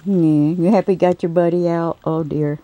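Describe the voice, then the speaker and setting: Mellow-voiced woman cooing at her pets. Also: fairly low pitch, fairly even intonation, moderate pace, rough recording. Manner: coos and scolds her pets in a sing-song voice. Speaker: pet keeper vlogger. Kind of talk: casual talk to her pets while filming. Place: home at night. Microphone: handheld camera.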